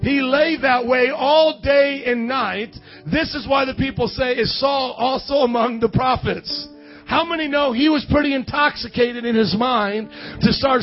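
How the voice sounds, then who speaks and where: A male preacher with a very high voice, wound up and charismatic. He swings between loud, excited bursts and low, musing asides. The recording is dull and lo-fi, with faint music playing behind him. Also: unhurried. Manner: excitable, loud outbursts, then drops low to muse. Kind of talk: charismatic sermon.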